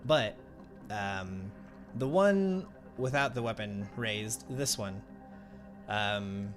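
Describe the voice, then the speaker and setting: A man's voice: on the low side, expressive, very slow, faint music behind. A man running an online tabletop game as game master, casual and laughing, swearing now and then.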